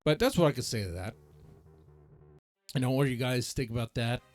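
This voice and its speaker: Male reaction host, casual rambling rant, jokey and self-deprecating, mid-pitched, soft music bed. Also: a little fast. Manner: rambling, joking, self-mocking, animated swings in pitch. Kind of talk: casual ranting commentary.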